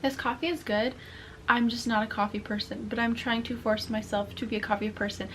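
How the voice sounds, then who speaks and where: Young woman, vlogger, chatty, gushing, emotional, slightly high voice. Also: steady tone, brisk, a little hiss or hum, rough recording. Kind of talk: casual chat to camera.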